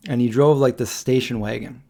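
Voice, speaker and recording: A man in his forties hosting a live Q&A stream, telling stories in a rambling, halting way with many pauses and restarts. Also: medium pitch, fairly even intonation, warm tone. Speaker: livestream host. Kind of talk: casual storytelling on a live Q&A stream.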